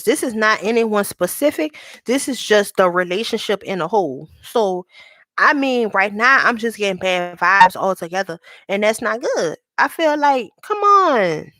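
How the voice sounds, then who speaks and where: A woman giving a live tarot reading to viewers, speaking candidly and reassuringly, reading card meanings slowly and calling people sweetheart. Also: mid-range voice, animated, fairly bright tone, no room sound, studio quality.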